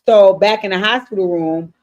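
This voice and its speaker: A woman recapping a TV episode on a livestream, telling it in casual, animated, profane style and acting out the characters' lines. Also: medium pitch, moderate pace, muffled recording. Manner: animated, profane storytelling with acted-out quotes. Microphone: streaming setup mic.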